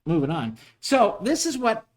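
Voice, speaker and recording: A lively man in his forties lectures on history in a casual, talkative way, often checking in with his listeners. His voice sits a little high for a man. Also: measured pace. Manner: chatty, animated, asks "right?" often. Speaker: history teacher.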